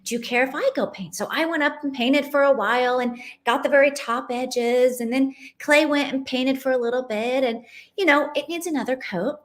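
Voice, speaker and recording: A woman in her late 30s, a mother who hosts a podcast, shares a personal story in a heartfelt, conversational way, saying "you know" a lot. Her voice is high-pitched and her pace moderate.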